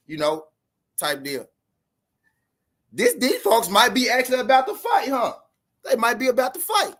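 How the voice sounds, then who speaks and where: A man hosting a live boxing talk stream, loudly recapping and breaking down a clip for his viewers. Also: very high-pitched, sing-song, normal speed, long pauses. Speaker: boxing channel host.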